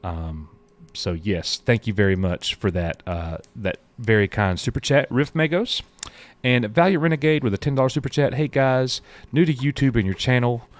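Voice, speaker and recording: A man's voice: mid-range voice, normal speed, no room sound. A man co-hosting a casual live stream, chatting loosely and reading viewer messages aloud. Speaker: show co-host.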